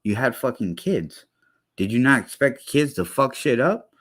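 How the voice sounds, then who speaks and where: A man's voice: medium pitch, expressive, normal speed, fairly bright tone. A young man ranting in a heated, blunt way with heavy slang, reacting to a clip as a streamer. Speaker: commentary streamer. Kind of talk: profane reaction rant.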